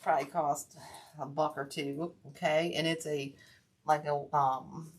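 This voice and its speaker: Here the wreath tutorial host keeps up her rambling chatter while working by hand, her low-pitched voice expressive, unhurried, and slightly rough.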